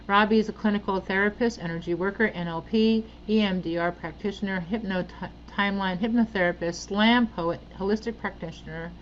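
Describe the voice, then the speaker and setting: A woman hosting an event, introducing a speaker and reading out his bio with pauses and fillers. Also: mid-range voice, dull audio, slight background noise. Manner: halting, reads out bio with fillers. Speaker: event host.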